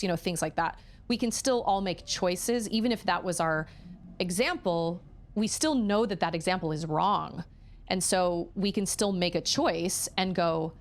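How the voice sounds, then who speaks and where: A woman's voice: fairly low pitch, normal speed. A woman in her thirties, a streamer and mother, chatting candidly and at length while she plays, acting out the voices she quotes. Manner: candid, rambling, acts out quotes. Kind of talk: casual chat while gaming.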